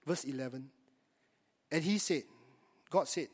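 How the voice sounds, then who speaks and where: A man's voice: a little high, moderate pace, in a large hall. A man, preaching a sermon to his congregation in a conversational way and often asking them rhetorical questions. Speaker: pastor.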